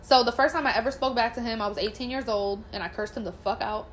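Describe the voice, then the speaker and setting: A young woman with a fairly high voice tells her own story bluntly in relaxed, profane chat. She acts out other people's words as she goes. A faint hiss sits under the recording. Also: quick pace. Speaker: guest telling her story. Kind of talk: casual chat.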